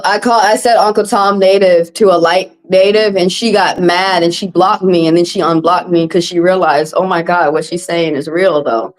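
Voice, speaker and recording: A woman's voice: medium pitch, rough recording. A woman tarot reader on a livestream, ranting in a heated, blunt and profane monologue.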